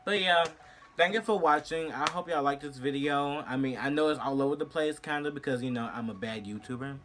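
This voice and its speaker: Animated, profane young man telling a story. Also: a little fast, faint music behind. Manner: animated, profane, swings from shrieks to low murmurs. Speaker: vlogger. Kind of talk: storytime vlog.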